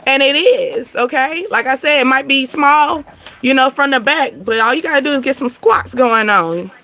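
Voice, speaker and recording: Chatty bright-voiced woman reading cards. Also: sits high, animated, normal speed. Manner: chatty, repetitive, laughs often. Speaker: tarot card reader. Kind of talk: casual spiritual card reading.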